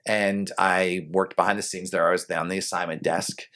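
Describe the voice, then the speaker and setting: A middle-aged man from New England, a longtime TV news anchor, telling his career stories in a relaxed, rambling way with lots of fillers. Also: low-pitched, normal speed. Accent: faint New England. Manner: rambling, many fillers and restarts. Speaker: guest, television news anchor. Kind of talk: relaxed storytelling in a podcast interview.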